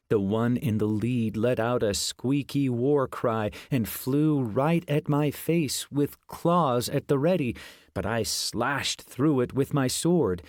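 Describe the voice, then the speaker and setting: A man narrating a fantasy audiobook in the first person. His storytelling is steady and even, in a middle pitch. The recording is dry and close. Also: no echo.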